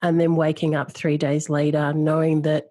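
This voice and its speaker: A woman with a low voice hosts a heartfelt podcast chat. She talks earnestly and reflectively, leaning on key words. Her voice sits close and dry, with no room sound around it. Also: little pitch movement, normal speed, warm tone, no room sound. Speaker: podcast host. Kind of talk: emotional podcast conversation.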